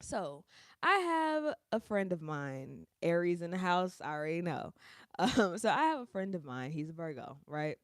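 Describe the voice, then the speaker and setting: A woman's voice: fairly low pitch, very animated, normal speed, dry recording. A woman hosting a casual livestream from her bedroom on a small close mic, chatty and slangy, laughing often. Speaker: livestream host.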